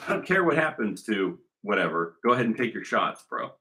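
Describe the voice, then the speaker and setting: A man's voice: fairly low pitch, very animated, a little fast, bright, forceful tone, slight background noise. A man giving a rambling, argumentative monologue, talking emphatically and repeating himself. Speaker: commentator.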